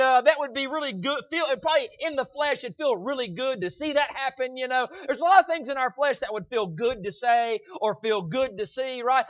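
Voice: mid-range voice, fairly bright tone, muffled recording. A preacher giving a sermon, emphatic and repetitive, with lots of fillers and asides asking the congregation to agree.

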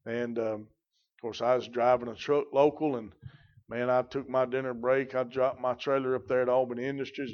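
A man, a pastor preaching a sermon in a folksy, rambling way with many fillers. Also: medium pitch. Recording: dull, lo-fi recording.

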